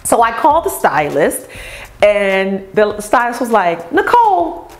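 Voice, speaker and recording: A woman who owns a beauty company tells customer stories in an animated way and acts out the voices of the people in them. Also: medium pitch, unhurried. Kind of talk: storytelling vlog.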